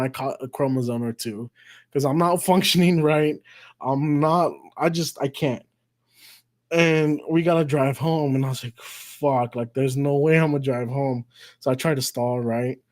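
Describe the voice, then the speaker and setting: A man on a live stream rambles through a story at an ordinary mid-range pitch. He swears freely and restarts his sentences. He mocks himself as he talks to chat from a desk mic. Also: darkish tone. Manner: self-mocking, laughs at his own story.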